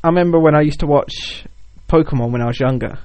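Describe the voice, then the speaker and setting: A man's voice: fairly high pitch, fast talker, darkish tone, no room sound. Rambling young man, dry close sound. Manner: rambling, joking, many "like" fillers. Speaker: podcast co-host. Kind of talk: casual chat.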